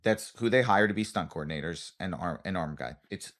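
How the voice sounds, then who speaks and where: A man co-hosting a comedy podcast in casual chat, an animated storyteller who repeats phrases for emphasis. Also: deep voice, fairly quick. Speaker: podcast co-host, comedian and actor.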